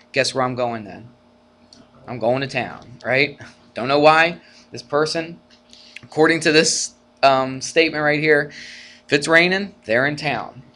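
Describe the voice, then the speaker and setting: A man teaching a college algebra class in a casual, conversational way, often checking in with students through rhetorical questions and acting out arguments with rising energy. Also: mid-range voice. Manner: animated, acts out arguments in a rising voice. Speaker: math teacher. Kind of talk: classroom lecture.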